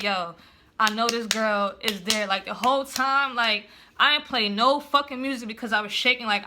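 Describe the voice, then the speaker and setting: A woman's voice: on the high side, noisy background. A young woman, casually telling a story and acting out her own past lines, with lots of swearing. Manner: animated retelling, acts out own past lines, heavy swearing.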